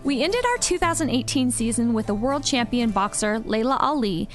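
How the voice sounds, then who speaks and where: Female podcast host; scripted narration with soft music beneath. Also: on the high side, animated, moderate pace. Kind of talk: scripted narration and interview questions.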